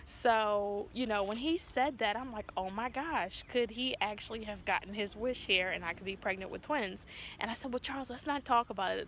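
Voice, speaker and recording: A woman's voice: mid-range voice, slight background noise, poor audio. A woman vlogger telling a personal story to her viewers in a casual way, acting out what people said. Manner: animated retelling, acts out quotes. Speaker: vlogger, mother of twins.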